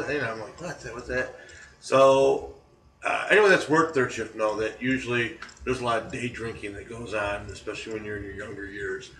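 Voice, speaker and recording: Podcast host, man in his forties, animated anecdotes; bright voice heard from a set-back mic. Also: mid-range voice. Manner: animated, laughs through stories. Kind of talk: casual storytelling. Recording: roomy, distant mic.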